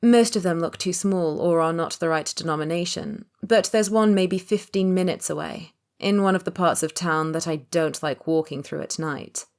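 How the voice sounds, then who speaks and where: Low-voiced woman narrating an audiobook. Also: normal speed, hardly any pauses, darkish tone. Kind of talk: first-person scripted narration.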